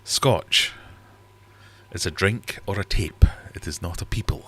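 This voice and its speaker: A man's voice: sits low, normal speed, fairly bright tone, slight background noise. A Geordie man hosting a casual livestream chat, rambling and reading out viewers' comments. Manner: rambling, chatty, reads out comments. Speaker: livestream host. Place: home fish room.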